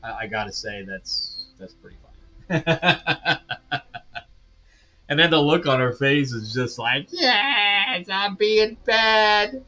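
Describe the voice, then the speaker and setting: A man's voice: medium pitch, a little slow, pauses often, bright, forceful tone, lo-fi sound, soft background music. Rambling man reviewing comics. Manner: rambling, filler-heavy, chuckling asides. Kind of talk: casual comic book review.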